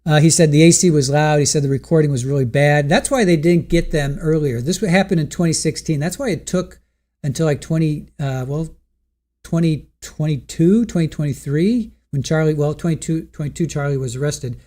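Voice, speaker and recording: A man's voice: fairly high pitch, fairly quick, a little mellow. A man hosting a live stream, casually recapping the day's trial testimony and asking his viewers what they think. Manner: chatty, recounts testimony, asks chat questions. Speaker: trial commentary host.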